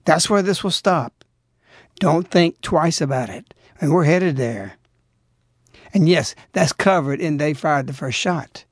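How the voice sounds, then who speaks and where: A man's voice: on the high side, measured pace, dry recording, studio quality. A man hosting a religious radio show, preaching urgently and pleading with his listeners. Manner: urgent, exhorting, rising to pleading outbursts. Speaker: radio host.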